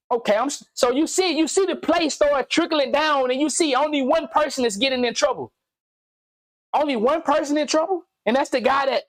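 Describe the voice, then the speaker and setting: A man's voice: very high-pitched, fairly bright tone. A man hosting his own commentary video, talking casually and animatedly in slang, repeating himself and firing off pointed questions. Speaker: commentary channel host.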